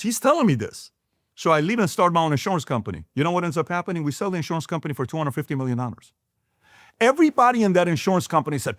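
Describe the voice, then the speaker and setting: Animated man, lively emphatic talk. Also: high voice, fast talker, dry recording, studio quality. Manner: emphatic, animated, rhetorical questions. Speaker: business talk show host. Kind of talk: motivational talk to camera.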